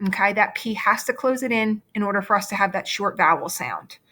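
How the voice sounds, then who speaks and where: A woman's voice: medium pitch, expressive, fairly quick, pushed and bright. A woman teacher giving a remote phonics lesson over shared slides, explaining step by step and often checking in with "okay?".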